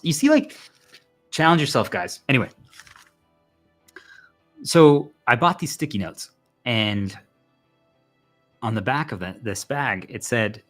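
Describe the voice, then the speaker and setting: Male monologue host, average pitch, loose and rambling delivery with loud outbursts, faint music bed. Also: slow, pauses often. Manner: rambling and animated, swings into loud exclamations. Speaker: video host. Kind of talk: casual monologue.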